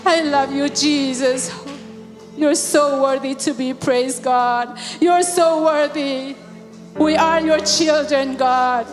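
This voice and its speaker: A woman with a high voice leads a church service in fervent prayer, ending almost every phrase with God and sometimes rising into song. Her voice rings through a large hall with a long reverb, while soft music plays behind her. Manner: repeats God after each phrase, swells into singing. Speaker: prayer leader.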